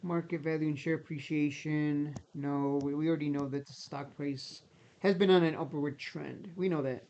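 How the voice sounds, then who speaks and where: A man's voice: on the high side, fairly even intonation, moderate pace, darkish tone, dull audio. A man giving casual, skeptical commentary, repeating himself as he talks and straining his voice. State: voice strained, near losing it. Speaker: stock market YouTuber.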